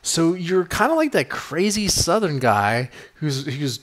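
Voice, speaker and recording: A man's voice: a little high, sing-song, measured pace, a bit bright. A man hosting a podcast in loose, rambling chat, swearing freely and stacking fillers. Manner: rambling, profane, many fillers. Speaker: podcast host.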